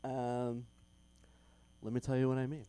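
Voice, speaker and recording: A man's voice: medium pitch, completely flat delivery, measured pace, dark tone, smooth, no echo. A young man doing open mic stand-up in a comedy club, chatty with lots of ums and little laughs.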